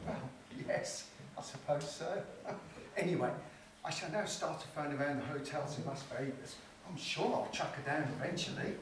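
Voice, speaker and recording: A man's voice: a little high, moderate pace, natural voice. A roguish old actor, as a man plays him, bluffs and chuckles his way out of trouble with mock French charm. The voice comes from far off across a very echoey hall, with some background noise. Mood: eager. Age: older. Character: old male actor posing as a Frenchman, sly ladies' man. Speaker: stage actor in an amateur play. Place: theatre stage.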